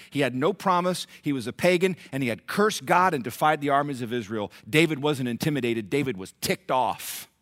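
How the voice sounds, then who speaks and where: A man preaching a sermon, telling a story with lively acted-out voices. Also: mid-range voice, dry recording, clean studio sound. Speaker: pastor.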